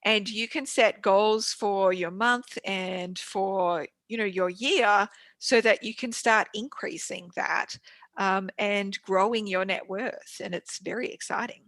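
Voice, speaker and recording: A woman's voice: mid-range voice, slow, a bit bright, no room sound. A woman speaking as a guest in a casual interview. She is frank and swears freely. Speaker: podcast guest, business owner.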